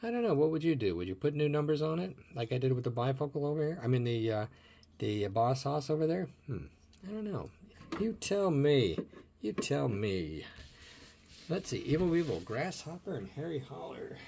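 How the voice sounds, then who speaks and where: Husky-voiced man musing over toy cars. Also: fairly high pitch, big pitch swings, fast talker, warm tone. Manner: chatty and musing aloud, asking viewers questions. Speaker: toy car collector showing his collection. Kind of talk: casual hands-on show-and-tell.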